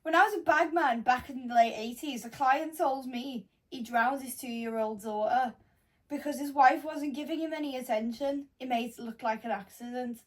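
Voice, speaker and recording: Woman doing a Scouse accent, flat, deadpan, high voice, slightly distant mic. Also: normal speed, close to an everyday voice. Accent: Scouse (put on). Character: blunt Scouse-voiced confession writer, a grown man.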